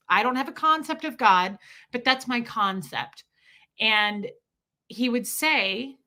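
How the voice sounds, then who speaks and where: A woman hosting a livestream, answering viewer questions in a casual, animated, rambling way. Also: fairly high pitch. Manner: animated rambling storytelling, quick bursts. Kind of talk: casual chat.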